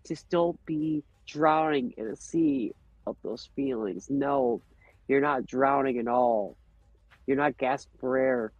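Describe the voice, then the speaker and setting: A man's voice: medium pitch, sing-song, takes it slowly, gravelly, no room sound, soft background music. A man guest on a podcast, talking casually and earnestly about his feelings and his bond with nature. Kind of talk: casual conversation. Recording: dull, lo-fi podcast audio.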